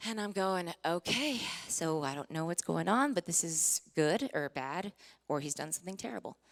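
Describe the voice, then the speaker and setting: A woman in her forties giving a sermon testimony, telling her story with strong feeling, acting out what was said, rising to near-shouting and dropping to whispers. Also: fairly low pitch, expressive, moderate pace. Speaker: Christian singer giving a testimony. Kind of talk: sermon testimony to a live audience.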